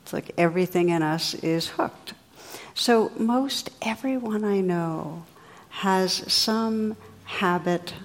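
Gentle meditation teacher with low voice. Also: female voice. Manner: gentle, unhurried, reflective. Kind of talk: dharma talk to a class. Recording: long hall reverb.

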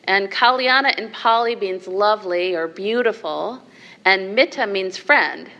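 Slow, measured woman giving a dharma talk. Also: mid-range voice, highs cut off. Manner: slow, measured, with soft laughs and rhetorical "right?". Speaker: Buddhist meditation teacher. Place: meditation hall with a group.

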